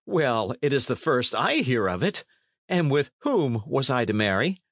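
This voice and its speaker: Reading an audiobook, a man voices a bold, good-hearted young squire with hearty, old-fashioned speech in a scoffing mood. His mid-range, fairly bright delivery is very animated and exaggerated, pitched above his own voice at a measured pace, with a studio-quality recording and no room sound.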